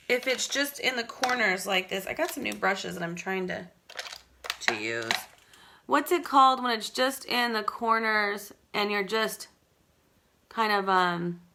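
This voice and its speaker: Bright-voiced chatty woman doing makeup. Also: mid-range voice. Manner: chatty, rambling, talks to viewers by name. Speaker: makeup seller demonstrating products. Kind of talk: live makeup tutorial chat. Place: at home.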